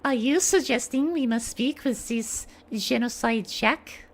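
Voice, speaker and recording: A woman's voice: fairly high pitch, a little slow. A woman voicing a formal, poised young character in a raised voice, practicing lines on stream. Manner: stiff, formal delivery.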